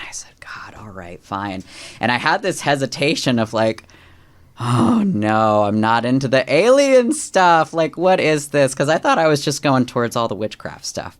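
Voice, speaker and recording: A man with a smooth, lowish voice appears as a podcast guest, sharing a personal spiritual story conversationally. He is animated, raising his voice to act out quoted lines, and his speech is full of fillers and restarts.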